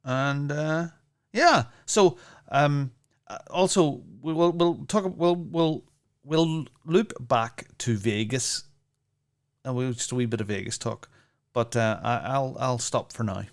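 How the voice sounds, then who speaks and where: A man's voice: medium pitch, slow. A man, co-hosting a podcast in casual, rambling chat full of fillers and restarts. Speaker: podcast co-host.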